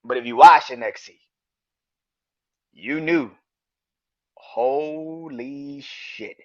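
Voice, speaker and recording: A young man hosting a wrestling podcast, ranting casually, swearing freely, getting excited, and laughing often. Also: mid-range voice, a little slow, dull audio. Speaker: podcast host.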